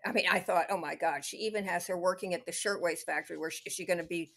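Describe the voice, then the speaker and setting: A woman's voice: fairly low pitch, quick pace, vocal fry. A woman co-hosting a podcast, talking through a classic film in a casual, thinking-aloud way with many restarts. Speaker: podcast co-host.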